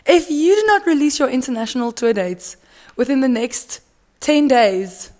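A woman's voice: high voice, expressive, normal speed, darkish tone. A young woman from South Africa hosting a solo podcast, chatting casually with dramatic rants and plenty of filler words. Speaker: podcast host.

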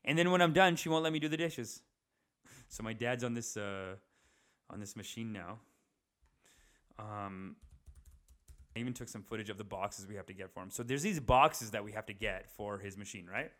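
A young man with a fairly low, fairly bright voice speaks at a moderate pace with long pauses, vlogging indoors at his parents' house. His chat to the camera is casual and rambling, with swearing, many fillers, and restarts.

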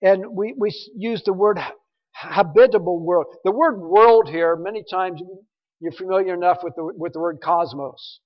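A pastor delivers an expository, verse-by-verse sermon in a high-pitched voice at a moderate pace. He's emphatic and tends to repeat words to drive a point home. The recording is muffled and echoes through a reverberant hall.

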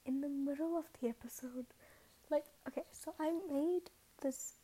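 A woman's voice: high-pitched, normal speed, mellow, poor audio. A young woman hosting a casual podcast, rambling and self-mocking, often dropping into a whisper. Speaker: podcast host. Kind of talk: casual monologue.

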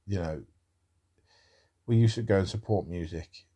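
A man's voice: deep voice, measured pace, warm tone, slightly rough. A man talking in a rambling casual monologue about music, with wry asides.

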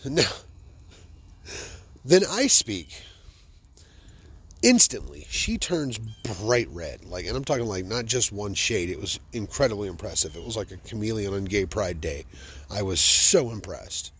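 A man hosting a podcast, telling funny personal stories in an animated, joking, self-amused way. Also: lowish voice, measured pace, slight background noise. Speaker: podcast host. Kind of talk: comic personal storytelling.

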